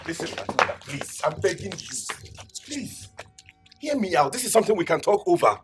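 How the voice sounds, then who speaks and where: A man's voice: high voice, big pitch swings, fairly quick, slightly rough, soft background music, full character voice. An actor with a Nigerian accent playing a young man who pleads and then defies his parents over an arranged marriage. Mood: pleading. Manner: pleading, breaking into shouts.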